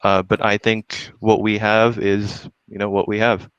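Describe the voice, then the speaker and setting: A man in a live debate, answering hesitantly with many fillers and pauses. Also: on the low side, flat delivery, a bit bright, smooth, dry recording, dull audio. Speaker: debate participant.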